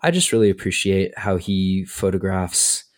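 Laid-back low-voiced man. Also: expressive, normal speed. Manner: laid-back, says "dude" and "like" often, laughs easily. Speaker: podcast guest photographer. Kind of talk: casual chat.

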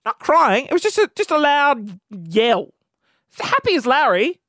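A podcast host in his thirties with an extremely high-pitched voice talks a little slowly through a comedic rant. He animatedly recounts, with exasperation, the things that irritate him, in a dry, studio-quality recording.

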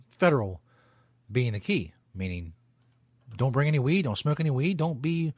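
A man's voice: mid-range voice, normal speed, pauses often, no echo. A male radio host talks in a loose, rambling way and swears without a second thought. His voice sits in an ordinary middle range. The sound is dry and close, with no room around it. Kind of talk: casual talk radio monologue.

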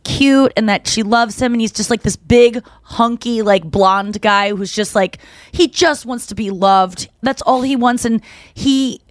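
A woman hosting a podcast, telling stories in a rambling, animated way with lots of fillers. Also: a little high, unhurried, no echo, studio quality. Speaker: podcast host. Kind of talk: casual chat.

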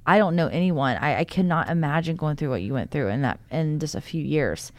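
A woman's voice: low voice, animated, brisk, a little mellow, dry recording. A woman host of an interview podcast, supportive and affirming toward her guest.

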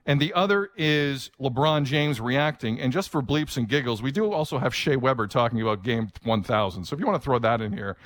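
A man co-hosting a sports talk show, joking and sarcastic in quick banter. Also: medium pitch, dry recording. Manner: jokey, sarcastic, animated.

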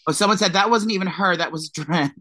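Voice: mid-range voice, fairly quick, bright, forceful tone, no echo. A co-host in a casual podcast chat, playful and teasing, sometimes mock-preachy.

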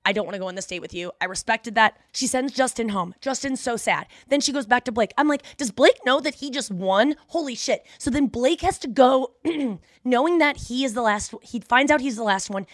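A woman's voice: fairly high pitch, animated, no echo, clean studio sound. A woman hosting a podcast, chatting in a gossipy, rambling way and recapping a reality show. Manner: gossipy, fast, uses 'like' a lot. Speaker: podcast host. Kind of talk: casual chat recap.

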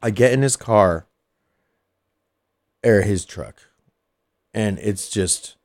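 A man's voice: lowish voice, slow, pauses often, darkish tone. A man co-hosting a casual radio show, telling a story with plenty of swearing and laughing mid-sentence. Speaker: co-host.

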